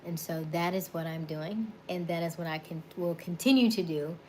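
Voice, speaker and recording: There's a little hiss or hum behind this lowish, darkish voice at a moderate pace. It belongs to a thirtysomething livestream host from Florida with a Florida accent, who casually reads viewer comments, laughs often and says hello to people by name.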